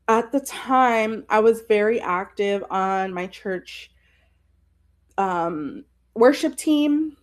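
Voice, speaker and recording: A young adult woman hosting a podcast, telling a personal story in a rambling, emotional way with many fillers. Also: medium pitch. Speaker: podcast host.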